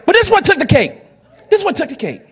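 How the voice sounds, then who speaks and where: A high-pitched male pastor preaches with a wide, swooping delivery. He jokes with the congregation and breaks into shouts at the climaxes. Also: quick pace, some chatter behind. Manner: animated, joking, shouting at peaks. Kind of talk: sermon.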